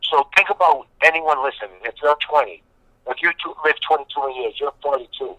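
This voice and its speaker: Bright, emphatic man in his fifties. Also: on the high side, fairly quick, dry recording, highs cut off. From Boston. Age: 50s. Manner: rambling, emphatic storytelling with repetition. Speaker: guest. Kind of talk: casual interview chat.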